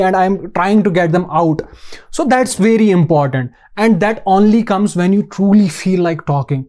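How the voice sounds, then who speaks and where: A man's voice: fairly high pitch, dark tone. A man interviewing a guest, asking long, thoughtful questions with many hesitations. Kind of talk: conversational interview.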